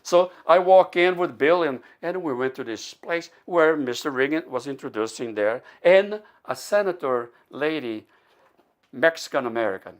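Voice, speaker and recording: An older man from Brazil telling a personal story in English, animated and rambling, with frequent laughs and many restarts. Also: a little high, moderate pace. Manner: animated, acts out quoted voices, laughs often.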